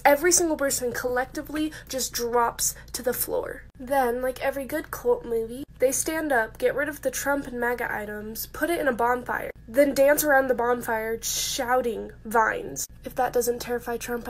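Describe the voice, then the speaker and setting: Woman ranting emphatic, bit high pitched. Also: moderate pace, hardly any pauses. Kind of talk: comedic rant.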